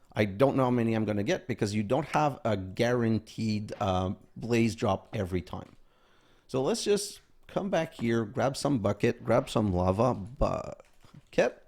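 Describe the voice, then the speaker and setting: A man's voice: mid-range voice, a little mellow. A man hosting a gaming video, casually commenting as he plays and thinking aloud, sometimes counting items under his breath.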